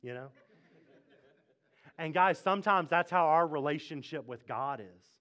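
A male pastor delivering a church sermon, animated, acting out prayers with rising intensity and slipping into conversational asides. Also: a little high, measured pace. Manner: conversational asides with fillers and laughs.

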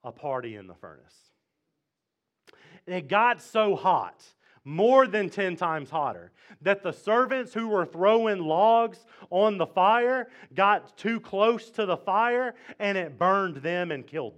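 A man preaches in a loose, conversational way, retelling an old story in modern slang with jokes along the way. His voice sits noticeably high for a man. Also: a bit bright. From Mississippi, US. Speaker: pastor. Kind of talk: casual storytelling sermon.

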